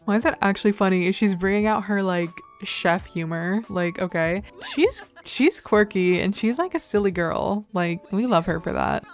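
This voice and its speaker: A woman's voice: mid-range voice, expressive, moderate pace, few pauses, faint music behind. A young woman casually commenting on her life-sim game as she plays, rambling and full of filler words, now and then squealing over cute moments. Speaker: let's play creator.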